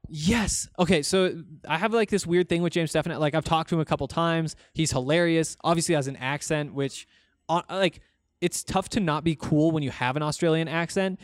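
A man's voice: a little high, a little fast, no echo, clean studio sound. A young man hosting a casual solo podcast, talking in a rambling, conversational way with many fillers and restarts as he answers listener comments. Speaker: podcast host.

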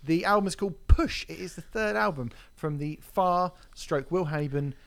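A man's voice: on the high side, normal speed, creaky, fairly bright tone. A man co-hosting a music podcast and reviewing albums, with wry jokey banter. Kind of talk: casual chat about music.

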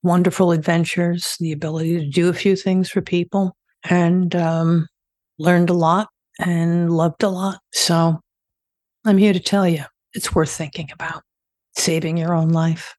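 A woman's voice: on the low side, little pitch movement, unhurried, darkish tone, dry recording, studio quality. Candid older woman telling stories. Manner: candid, conversational storyteller. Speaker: guest, former death investigator. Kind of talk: interview storytelling.

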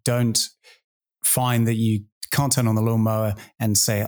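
A man's voice: fairly low pitch, little pitch movement, measured pace, a little mellow. A man hosting a podcast, talking things through in a reflective, casual way. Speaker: podcast host. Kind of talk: casual discussion.

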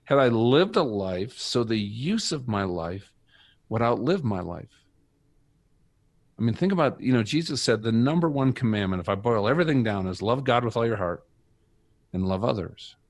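A man's voice: mid-range voice, lively intonation, normal speed, dry recording. A middle-aged man telling his personal faith story as a guest, earnest and reflective. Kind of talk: personal faith testimony in conversation.

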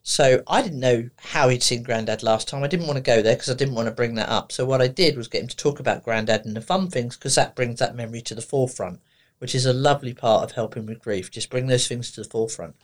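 A woman therapist, telling lively stories on a podcast, laughing and acting out the conversations she recounts. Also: rumbling low, fast. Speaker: therapist guest. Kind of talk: anecdotal storytelling on a podcast.

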